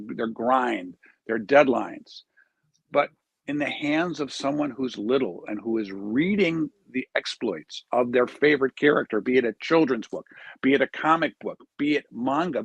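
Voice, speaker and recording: A man's voice: mid-range voice, breathy edge, no room sound. A man, a charity founder, telling an earnest story in an interview and acting out the quoted dialogue.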